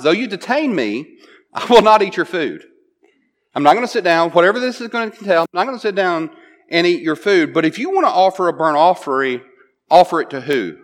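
Conversational male preacher, slightly high voice. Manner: conversational, often asks "right?" and restarts phrases. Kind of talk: sermon, retelling a Bible passage.

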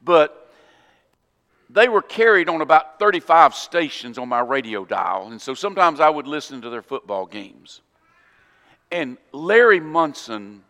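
Man preaching in a reverberant hall. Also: a little high. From Florida. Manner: animated storytelling, acts out scenes and quotes scripture. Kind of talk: sermon.

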